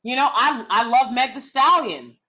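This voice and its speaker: A woman's voice: high-pitched, animated, moderate pace, pushed and bright. A woman, hosting a casual opinionated livestream, blunt and sassy, laughing often. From United States. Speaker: livestream host reading chat.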